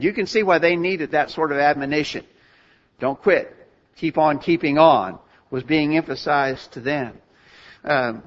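Male preacher, earnest sermon delivery, emphatic repetition, slightly high voice, dull lo-fi church recording. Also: fairly bright tone. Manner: earnest, emphatic, repeats for stress. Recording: dull lo-fi sound.

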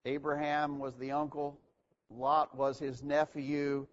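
A man's voice: on the high side, flat delivery, slow pace, slight background noise. Earnest man preaching a Bible lesson. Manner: earnest, repeats key phrases for emphasis. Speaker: preacher teaching a church lesson. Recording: dull lo-fi recording.

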